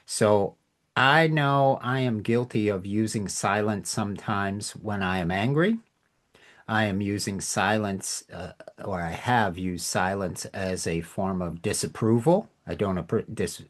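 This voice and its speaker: A man's voice: on the low side, a little slow. A man hosting a communication podcast, giving an informal lesson in a reflective, emphatic way. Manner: reflective, emphatic, acts out tones in examples. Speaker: podcast host teaching communication.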